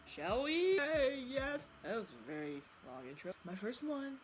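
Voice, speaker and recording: A young woman chatting casually to camera as a vlogger, giggly, bubbly and quick to poke fun at herself. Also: a little high, sing-song, slight background noise, poor audio. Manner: giggly, bubbly and self-mocking.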